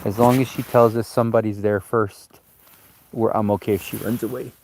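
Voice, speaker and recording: Sitting by a campfire outside a remote cabin, a man vlogs in an easygoing, chatty way, talking to both his dog and his viewers like a casual live stream. His lowish voice is brisk, a little mellow, and fairly even in intonation, with a bit of hiss or hum in the audio.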